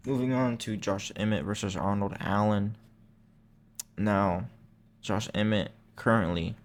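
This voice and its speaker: Rambling young man, low voice. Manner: rambling, self-correcting, slangy. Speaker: MMA channel host. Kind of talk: casual chat.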